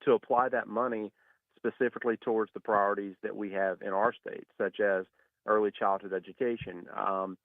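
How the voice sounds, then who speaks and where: Low voiced guy calling in on a phone, tinny and dry, steady talk with lots of ums. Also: gravelly, no room sound. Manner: steady, measured, with frequent "uh" and "um" fillers. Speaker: state education superintendent, phone guest. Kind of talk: radio interview answers. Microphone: phone call.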